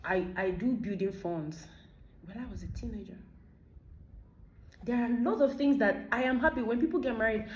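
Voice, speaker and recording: A woman's voice: a little high, moderate pace, pauses often. A Nigerian woman in her thirties giving an emphatic motivational monologue, firing off rhetorical questions. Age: 30s. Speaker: vlogger. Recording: echoey room.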